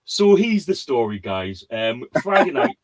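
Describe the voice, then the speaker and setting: A man's voice: medium pitch, big pitch swings, measured pace. Rambling man hosting a quiz. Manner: rambling storyteller, many fillers and restarts. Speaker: quiz host. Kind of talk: casual chat.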